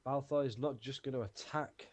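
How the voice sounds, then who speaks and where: A man's voice: medium pitch, steady tone, normal speed, darkish tone, no echo. A man playing a tabletop game, thinking aloud about his turn and sometimes hesitating. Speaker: player.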